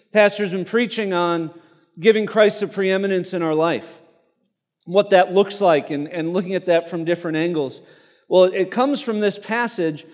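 A man's voice: high-pitched, big-room sound. A man preaching a sermon, reading a martyr story aloud in an earnest tone with casual asides to the congregation.

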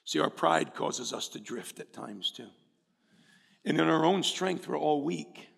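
High, gravelly preacher in a reverberant hall. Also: male voice, expressive, measured pace. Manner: swings from quiet and low to loud shouting. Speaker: pastor. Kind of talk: sermon. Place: church hall. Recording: reverberant hall with live music behind.

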